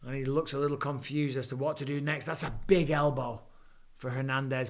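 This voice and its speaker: A man, hosting a live fight watch-along and calling the action with rising excitement. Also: medium pitch, fairly quick. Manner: excitable, rising for big moments. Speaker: host. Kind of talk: live fight commentary and chat.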